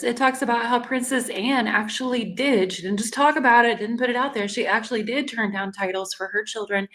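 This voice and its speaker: A woman's voice: fairly high pitch, a bit bright. A woman, hosting casual commentary in a chatty, sarcastic way that is broken up by laughs. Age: 40s. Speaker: commentary channel host. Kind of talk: casual commentary reading news quotes.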